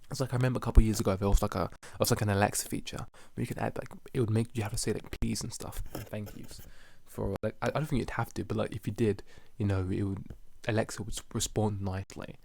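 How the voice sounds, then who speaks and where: Young male podcast host, low gravelly voice, loose filler-heavy rambling. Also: a little mellow, dry recording. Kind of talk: casual rambling solo podcast.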